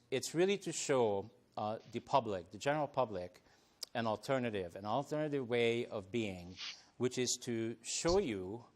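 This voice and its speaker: A man hosting a live talk show from a TV studio, friendly, chuckling often and restarting his sentences with ums. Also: mid-range voice. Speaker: TV talk show host and coach.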